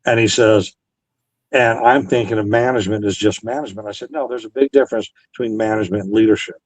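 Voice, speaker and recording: A man's voice: lowish voice, steady tone, fast, no room sound, poor audio. A Navy veteran man in an interview, earnestly retelling past conversations and quoting both sides. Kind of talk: storytelling interview.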